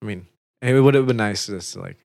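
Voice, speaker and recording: A man's voice: lowish voice, fairly quick, vocal fry, darkish tone, no room sound. A young man co-hosting a podcast, chatting casually and rambling with lots of fillers and swearing. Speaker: podcast co-host. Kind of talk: casual chat.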